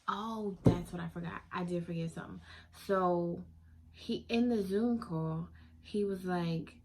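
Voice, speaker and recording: A woman telling a casual storytime vlog, animated and sassy, laughing often. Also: on the low side, a little slow, slightly rough. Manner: animated, sassy, laughing often, African American Vernacular English slang.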